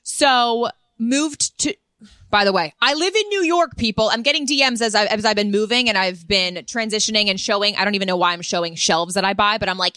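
A woman's voice: mid-range voice, fairly quick, bright, forceful tone, no room sound, clean studio sound. A woman in her twenties co-hosting a podcast, talking frankly and supportively in casual chat, with casual swearing. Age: 20s. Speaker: podcast co-host.

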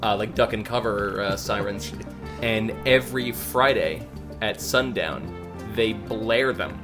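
A man co-hosting a podcast in casual, halting, rambling chat. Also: on the low side, music in the background. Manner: rambling, halting, laughs often. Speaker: podcast co-host.

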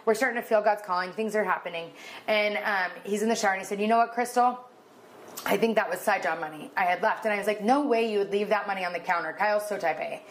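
A woman in her thirties co-hosts a podcast and tells a story in a casual chat, speaking fast at a medium pitch. She's animated, acting out dialogue in a raised voice, and sounds emotional, close to tears.

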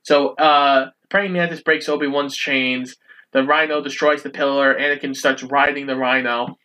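A man retells a movie plot beat by beat in a relaxed podcast chat. His voice sits at a middle pitch, plain and steady, with the odd curse slipping in. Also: normal speed, poor audio. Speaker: podcast co-host. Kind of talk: casual movie recap chat.

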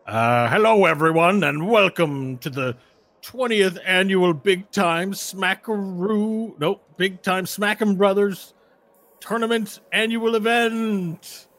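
Brassy intercom tournament announcer, high and loud, showy patter, played by a man. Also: takes it slowly, heavily acted. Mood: hyped.

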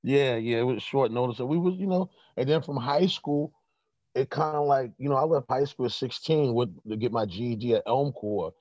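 A relaxed middle-aged man talks in a loose, rambling way, full of fillers and restarts. The sound is dry and somewhat dull, recorded close. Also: mid-range voice, normal speed, no echo. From New York. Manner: laid-back, rambling with many fillers. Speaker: guest. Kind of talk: casual chat.

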